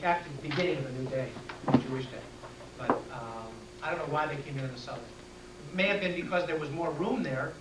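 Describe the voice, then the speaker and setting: Lecturer, male, plain-spoken and direct, taking class questions; echoey room, distant mic. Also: a little high. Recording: echoey room taped from afar, faint hiss.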